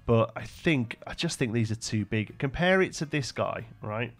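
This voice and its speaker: A man's voice: medium pitch, lively intonation, normal speed. A young man live-streaming a building game, thinking aloud and chatting with viewers between frequent fillers. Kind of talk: casual live-stream commentary.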